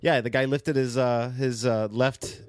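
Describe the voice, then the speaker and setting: A man's voice: mid-range voice, steady tone, measured pace, no echo. A young man co-hosting a casual sports podcast, talking in an easygoing, hesitant way. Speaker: podcast co-host.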